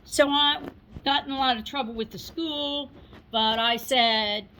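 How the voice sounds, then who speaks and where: A middle-aged woman telling a personal story to a listening audience. Her voice sits a little high and she takes her time, talking in an easy, conversational way with asides and small laughs. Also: fairly even intonation, measured pace, bright, forceful tone, low-quality recording. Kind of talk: personal recollection, told to an audience.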